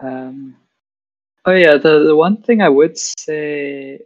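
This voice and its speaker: Speaking slowly in a deep voice with phone-quality sound, a South African trans woman appears as a guest on a video call. Her casual talk, in a South African accent, is hesitant and full of fillers and restarts.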